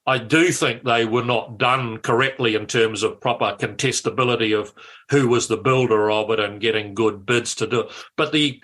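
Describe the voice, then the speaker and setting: A man's voice: medium pitch, fairly bright tone. An older man, a former politician telling anecdotes in a radio interview and often repeating words as he starts.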